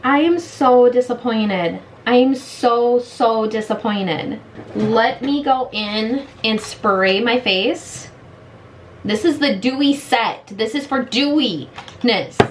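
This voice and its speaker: A woman's voice: a little high, slow pace, a little hiss or hum, rough recording. A woman in her late thirties doing a casual makeup review at home in her bedroom, talking frustrated and blunt. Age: late 30s. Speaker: beauty vlogger.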